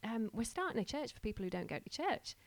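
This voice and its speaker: A woman's voice: a little high, big pitch swings, fast, creaky, dry recording. A woman who is starting a church tells a casual, laughing story and acts out the voices of the people in it. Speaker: church planter sharing a story.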